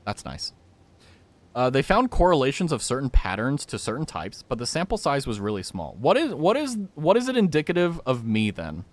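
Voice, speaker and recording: This young streamer's medium-pitched voice swoops wildly up and down at a normal speed. Playing a game, he rambles and jokes with his viewers and reacts out loud to the on-screen action.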